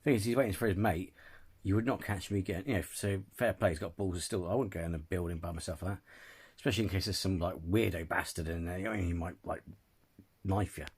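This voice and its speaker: A man's voice: low-pitched, fast, darkish tone, husky. A man giving rambling, blunt commentary as host of a reaction video. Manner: rambling, blunt, swears freely. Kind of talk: casual commentary.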